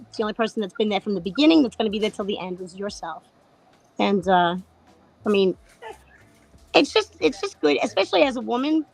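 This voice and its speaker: A middle-aged woman with a hoarse voice, candidly chatting about trading on a panel, laughing and swearing casually. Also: mid-range voice, low-quality recording. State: lost her voice, tired.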